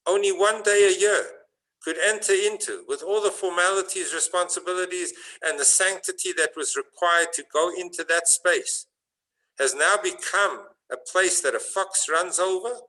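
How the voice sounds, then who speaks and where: Anguished indignant old rabbis in a retold story, put on by a preacher, higher and louder, bright edge. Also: male voice, normal speed, poor audio. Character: grieving ancient rabbis, men, anguished and indignant.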